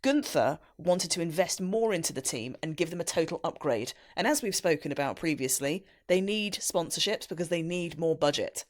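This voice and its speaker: A woman co-hosting a casual podcast, her voice sitting a little low but swinging widely in pitch. She talks in a playful, teasing way and giggles easily. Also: animated, moderate pace, hardly any pauses. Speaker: podcast co-host.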